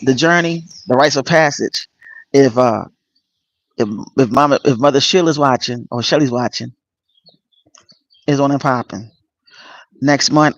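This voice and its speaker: A man hosting a casual livestream, greeting viewers by name and speaking earnestly and emotionally about his spiritual path, with many pauses and fillers. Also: medium pitch, no echo. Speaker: channel host. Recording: dull lo-fi dry sound.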